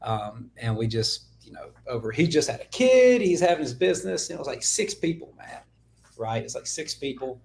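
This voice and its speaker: A man's voice: medium pitch, very animated, normal speed, gravelly, darkish tone, a little hiss or hum. Laid-back Southern-accented young man. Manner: laid-back storytelling, loose with fillers like "man" and "like". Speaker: podcast guest. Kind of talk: casual interview chat.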